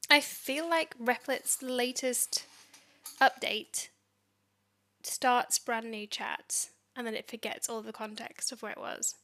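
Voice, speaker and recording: A woman vlogger narrating her coding session, talking back at the software in exasperation. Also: on the high side, slow. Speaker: tech vlogger. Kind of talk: screen-recorded coding commentary.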